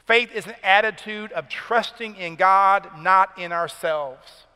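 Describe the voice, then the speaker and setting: A man preaching a sermon as pastor, emphatic and rising in pitch to drive key points home. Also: takes it slowly, bright, forceful tone, clear, resonant tone, long reverb tail. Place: church sanctuary.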